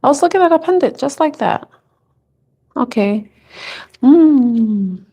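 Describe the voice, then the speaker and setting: A woman's voice: high voice, expressive, slow pace, warm tone, husky. Giggly, chatty woman tarot reader. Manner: chatty, giggly, thinks aloud with restarts. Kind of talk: casual live tarot reading chat.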